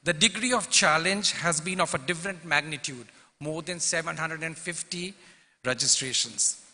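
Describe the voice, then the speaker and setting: The welcome address comes from a club president whose slightly high voice is pushed and bright, delivered at normal speed. He formally reads his prepared remarks and lists the dignitaries, with a large convention hall's long reverb audible.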